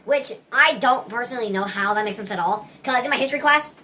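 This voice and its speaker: Bright-voiced woman rambling earnestly. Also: on the high side, quick pace, slight background noise. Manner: earnest, rambling, many restarts. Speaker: vlogger. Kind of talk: casual opinion monologue.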